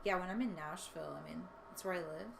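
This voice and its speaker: A young woman musician chatting easily as a guest, with a relaxed, slightly drawling delivery and dry humor. Her voice sits a little low, and a clear background hiss runs under it. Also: fast. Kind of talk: casual chat. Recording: noticeable background noise.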